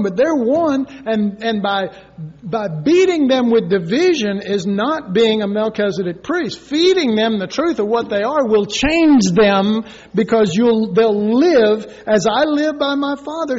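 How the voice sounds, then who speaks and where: A man preaching a sermon in an animated way, acting out the people he quotes. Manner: animated, acts out quoted voices with sudden high cries. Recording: dull echoey recording from far off.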